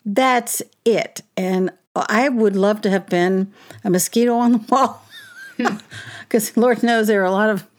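A woman's voice: medium pitch, measured pace. An indignant woman recounts a childhood memory in easy conversational storytelling. She speaks animatedly, with wry asides and little laughs, and acts out what others said. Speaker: guest telling a personal story.

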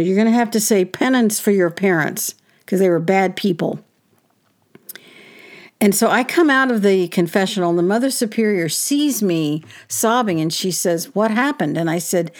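Indignant woman telling a childhood story. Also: medium pitch. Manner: animated, indignant, with wry laughs and quoted voices. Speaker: guest telling a personal story. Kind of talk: conversational storytelling.

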